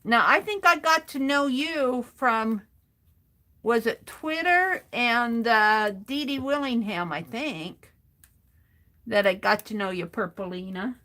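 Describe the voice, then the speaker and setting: Slow-talking, high-voiced woman crafting on stream. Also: bright, forceful tone. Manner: chatty, greets viewers by name, reads chat aloud. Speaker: art journaling livestream host. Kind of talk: casual chat while crafting.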